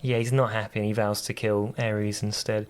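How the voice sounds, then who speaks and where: A man's voice: on the low side, level tone, moderate pace. A man on a podcast casually retelling a story, rambling with lots of fillers and restarts. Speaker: podcast co-host.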